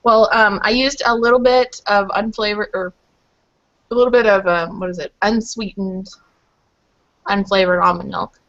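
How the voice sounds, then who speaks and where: A woman's voice: medium pitch, fairly even intonation, moderate pace, a bit bright. Woman, group call guest, chatty and rambling, muffled webcam sound. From Louisville, Kentucky. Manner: chatty, rambling with many fillers. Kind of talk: casual chat.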